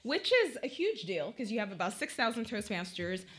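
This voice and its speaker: A woman's voice: medium pitch, lively intonation, a little fast, a bit bright. A woman hosting an event, introducing the next speaker in an upbeat, explanatory way.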